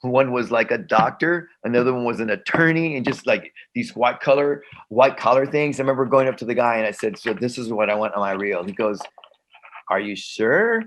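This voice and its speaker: Casting note: middle-aged American man, animated storyteller, mid-pitched, acts out quotes. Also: brisk, few pauses. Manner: animated, repeats himself, acts out quoted dialogue. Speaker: actor, guest. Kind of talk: conversational storytelling.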